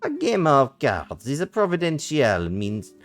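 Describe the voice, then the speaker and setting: A man's voice: a little high, wildly swooping pitch, unhurried, soft background music, pitched above the performer's own voice. A man voicing a flamboyant con-artist count in a hammy put-on Italian accent, with a theatrical, grand manner. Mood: smooth, theatrical.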